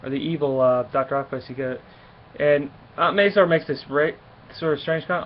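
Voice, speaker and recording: A man's voice: fairly high pitch, a little fast. A man casually reviewing a comic book, rambling along with lots of fillers and restarts. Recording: dull lo-fi recording with faint hiss.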